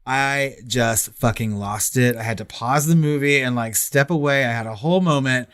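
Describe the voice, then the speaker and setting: A man co-hosting a podcast in casual chat, expressive and emphatic, swearing freely. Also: mid-range voice, normal speed, clear, resonant tone, no echo, clean studio sound. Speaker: podcast co-host.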